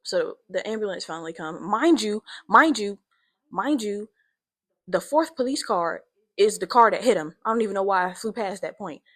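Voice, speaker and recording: Animated, cussing young woman storyteller. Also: mid-range voice, normal speed. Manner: animated, profane, rising to shouts at peaks. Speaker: podcast host. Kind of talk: casual storytelling monologue.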